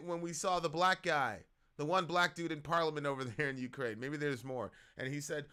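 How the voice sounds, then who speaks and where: A man hosts a casual political stream, talking loosely in slang and breaking into loud outbursts. His voice is bright and smooth, a little high for a man. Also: moderate pace.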